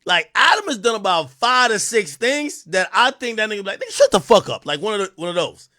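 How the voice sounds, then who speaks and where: A man hosting a livestream, reacting to a clip in casual, slangy, excitable commentary. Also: high-pitched, brisk. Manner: animated, excitable, slangy, repeats himself.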